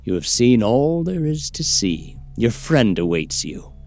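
An actor playing a menacing woodcutter who taunts coldly. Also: male voice, medium pitch, very animated, darkish tone. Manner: slow, taunting.

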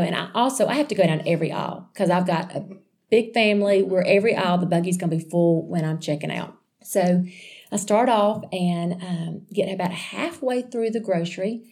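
Chatty woman telling a story. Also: medium pitch. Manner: chatty, animated, laughs often, addresses listeners as y'all. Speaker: speaker sharing a testimony. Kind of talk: casual storytelling testimony.

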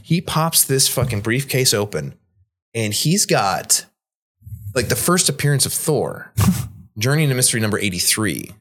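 A man's voice: moderate pace, breathy edge. A young man, a bartender, telling a story in casual, profane chat with lots of fillers. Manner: animated, jumps pitch to act out other people's lines.

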